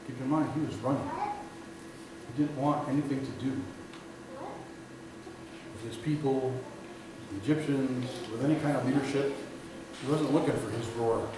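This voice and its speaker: A man preaching a sermon as the pastor, telling stories and building to loud emphatic peaks before dropping to quiet, drawn-out phrases. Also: a little high. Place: church sanctuary. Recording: echoey hall, recorded from far off, audible room noise.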